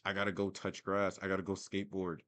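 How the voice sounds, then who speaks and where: A man's voice: sits low, completely flat delivery, fast, a bit bright. A young man telling a story as a casual, profane, self-mocking rant. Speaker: vlogger.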